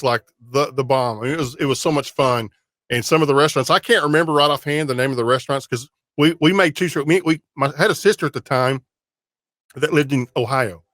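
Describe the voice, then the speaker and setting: An easygoing man hosts a casual podcast interview, circling back over his words as he speaks. His voice sits at a middle pitch, and the recording is dry and close, with no room sound. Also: fairly bright tone, dry recording. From Texas. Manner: easygoing, repeats himself while talking. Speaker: podcast host.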